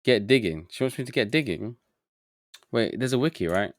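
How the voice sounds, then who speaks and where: A man's voice: mid-range voice, animated, moderate pace, no room sound. A man streaming a game live, muttering to himself as he gets confused and chatting with his viewers. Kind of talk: live gameplay commentary.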